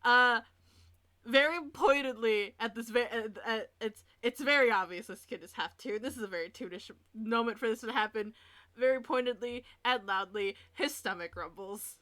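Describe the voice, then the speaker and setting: A woman in a tabletop game describes her character's actions. Her voice is bright and a little high, chatty and often breaking into giggles. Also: normal speed. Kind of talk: actual-play narration.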